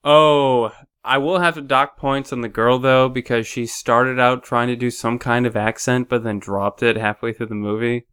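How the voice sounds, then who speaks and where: A man's voice: mid-range voice, steady tone, normal speed, few pauses, fairly bright tone, smooth. A man co-hosting a casual movie-review podcast, chatting in an easygoing way. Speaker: podcast co-host.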